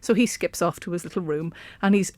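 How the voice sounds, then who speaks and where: A woman historian talks through the past in a chatty, aside-filled way, full of ums. Her voice is fairly low and recorded close and dry, with no room around it. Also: a little fast, darkish tone, dry recording. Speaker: historian guest. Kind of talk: explaining history in casual chat.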